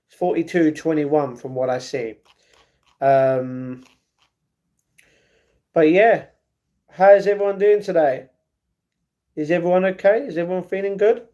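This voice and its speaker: A man's voice: sits high, measured pace, long pauses, mellow. Chatty young man streaming live. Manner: chatty, repeats phrases, reads chat aloud and answers. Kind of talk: casual livestream chat reading comments.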